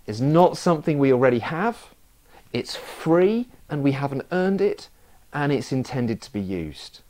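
Animated, slow-speaking preacher. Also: male voice, mid-range voice. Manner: storytelling, self-mocking humour. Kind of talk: sermon.

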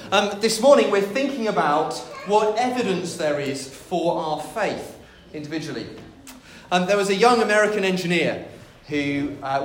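A preacher delivers a sermon, drifting easily into stories with a light touch of humor. His voice sits high for a man. The sound rings around a reverberant room.

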